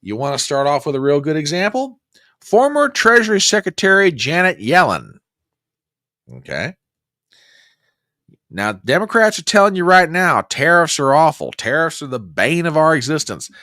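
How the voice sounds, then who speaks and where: A male host of a political commentary show who talks in an exclamatory, mocking way, swinging his pitch wildly up and down. His voice is bright and forceful. The sound is dry and close. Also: very animated, normal speed, no echo.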